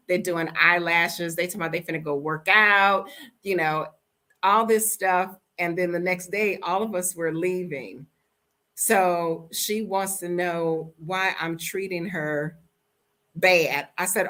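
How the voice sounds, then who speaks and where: An American woman telling a story in a casual storytime vlog, blunt and animated, acting out the quoted dialogue. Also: fairly low pitch, unhurried.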